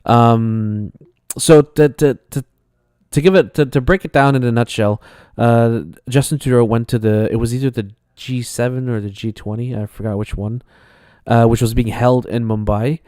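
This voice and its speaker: A man's voice: mid-range voice, steady tone, moderate pace, darkish tone, clean tone, dry recording, studio quality. Laid-back Canadian man chatting. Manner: loose, laughing, swears. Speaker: co-host. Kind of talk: casual chat.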